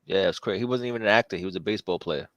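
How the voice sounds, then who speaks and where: A man in casual chat, profane and excitable, repeating himself, his voice jumping up when he gets worked up. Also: deep voice, racing, no echo.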